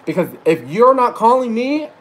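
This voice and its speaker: A man's voice: very high voice, sing-song, normal speed, a bit bright, rough recording. Tipsy, profane man ranting. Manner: profane, rambling, self-correcting. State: teary. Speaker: psychic reader. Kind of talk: ranting livestream monologue.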